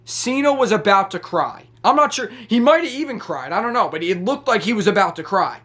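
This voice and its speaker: Brief: high-pitched male wrestling reviewer, excitable, rambling casual recap. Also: a little fast. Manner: excitable, rambling with many restarts.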